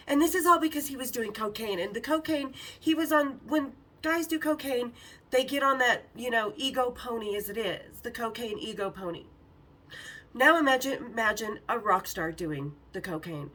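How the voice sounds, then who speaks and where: A woman podcast host telling a story casually, animated and profane, acting out quotes. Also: a little high, normal speed, recorded from a distance, poor audio.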